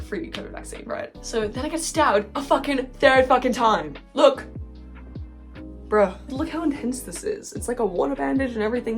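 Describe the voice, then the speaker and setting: A young woman telling a rambling storytime on her bed, swearing constantly and talking animatedly while she paints her nails. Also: fairly high pitch. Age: young adult. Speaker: vlogger. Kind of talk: casual storytime chat. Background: faint background music.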